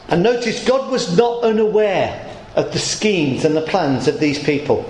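A middle-aged pastor preaching a sermon, emphatic and rhetorical, slowing words down for effect, in a church hall. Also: male voice, sits high, very animated, a little mellow, slight background noise.

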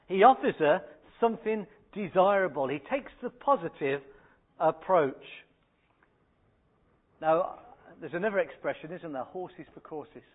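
Guy preaching, chatty storytelling sermon, fairly high voice, tinny phone-line sound. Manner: anecdotal and conversational, with acted quotes. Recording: phone-like narrow band.

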